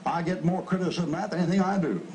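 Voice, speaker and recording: A man preaching a fiery pulpit sermon, yelling and growling at his listeners in a blunt, mocking way. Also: sits high, racing, slight background noise, low-quality recording.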